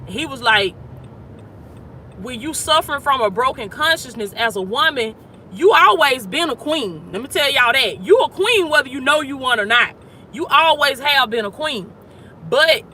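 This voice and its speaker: Emphatic high-voiced woman coaching outdoors. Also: sharp tone, slight background noise. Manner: emphatic, repetitive preaching cadence. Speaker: life coach. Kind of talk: motivational talk.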